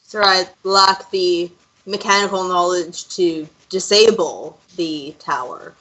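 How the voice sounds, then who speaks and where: Female player, tabletop role-play, bright crisp voice, earnest and hesitant. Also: fairly low pitch, slow, poor audio.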